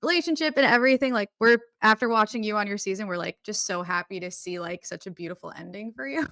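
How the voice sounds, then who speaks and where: A woman co-hosting a podcast. Her voice is bright and sharp, at a middle pitch. She is agreeable and chimes in often with short replies. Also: fast, no echo. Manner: agreeable, lots of short backchannels. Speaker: podcast co-host. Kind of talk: casual chat.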